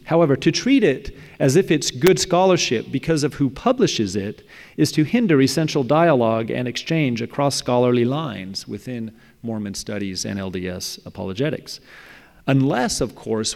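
A man reading a prepared academic paper aloud in a measured way, now and then stumbling and restarting. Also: medium pitch, creaky, a little mellow. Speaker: speaker presenting a paper on religious apologetics. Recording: echoey hall with long reverb.

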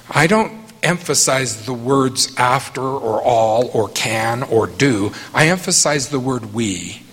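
A middle-aged man speaking slowly and emphatically, leaning on single words as he answers questions after a talk. His voice has a husky edge. The sound carries a long hall reverb. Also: mid-range voice, a bit bright. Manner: earnest and emphatic, slow deliberate phrasing.

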